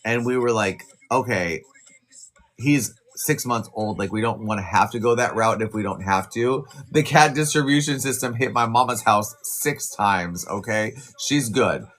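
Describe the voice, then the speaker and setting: A man hosting a casual live stream, chatting in a rambling way with quick asides to his viewers. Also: on the low side, fairly bright tone. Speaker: livestream host.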